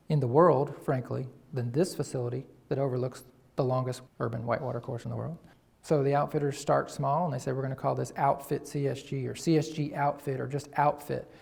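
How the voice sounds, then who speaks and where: A man presenting a tourism marketing campaign to an audience, energetically pitching ideas and playing on words. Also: creaky, darkish tone. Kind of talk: presentation to local business audience.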